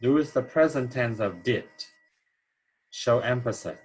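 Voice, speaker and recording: A man's voice: mid-range voice, expressive, measured pace, breathy edge, rough recording. A man teaching an English grammar lesson, explaining answers step by step and checking in with "okay?" as he goes.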